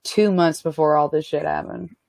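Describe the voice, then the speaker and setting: Female guest, lower voice, dry close sound, blunt and self-mocking. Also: steady tone, normal speed, gravelly, a little mellow, no echo. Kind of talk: casual chat.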